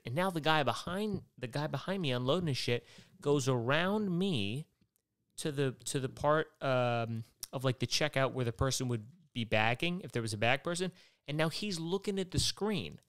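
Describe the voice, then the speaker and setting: A man's voice: medium pitch, lively intonation, moderate pace, a bit bright. Profane, exasperated ranting man. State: worked up and tired by the end. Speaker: podcast host. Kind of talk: rambling comedic monologue.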